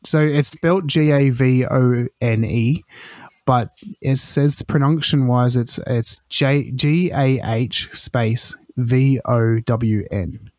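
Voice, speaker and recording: A man co-hosting a casual podcast, rambling quickly with lots of filler words. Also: mid-range voice, fairly even intonation, no echo. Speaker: podcast co-host. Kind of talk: casual chat.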